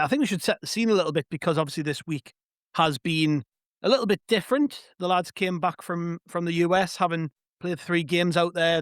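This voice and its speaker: North-east English male podcast host, slightly higher voice, chatty and joking, dry close-miked sound. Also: a bit bright, dry recording. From North East England. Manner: chatty, joking, rambling with fillers. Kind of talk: casual football podcast chat.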